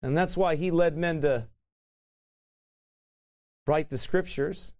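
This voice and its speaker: A man preaching, slightly higher than the usual male voice. He teaches in an easygoing, conversational way, throwing frequent "right?" asides to the room and chuckling at his own lines. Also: slow pace, long pauses, a little mellow. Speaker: pastor. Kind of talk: sermon teaching.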